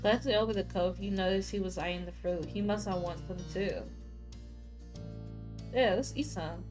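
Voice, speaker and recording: A woman's voice: medium pitch, normal speed, over music. Rowdy woman streamer reading a game. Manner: loud, profane, excitable outbursts between plain reading. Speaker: gaming streamer. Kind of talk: reading a story game aloud with reactions.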